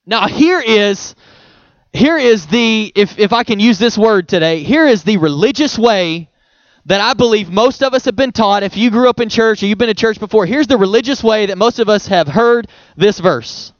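A young man with a high voice preaches in a church, keeping it conversational with rhetorical questions and quick chuckles. His voice sounds dry and slightly dull, close to the mic. It comes across as an everyday sermon to a congregation. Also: lively intonation, dry recording. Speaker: pastor.

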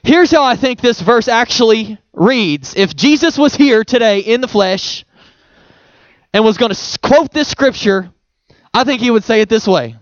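A young man preaching a sermon to a church audience, talking conversationally with rhetorical questions and quick chuckles. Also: extremely high pitch, animated, no echo, highs cut off. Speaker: pastor.

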